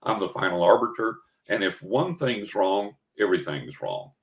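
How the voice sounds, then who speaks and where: Deep-voiced older man telling stories. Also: moderate pace. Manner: animated anecdote-telling, acting out quoted dialogue. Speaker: psychic guest. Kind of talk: casual storytelling interview. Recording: roomy echo.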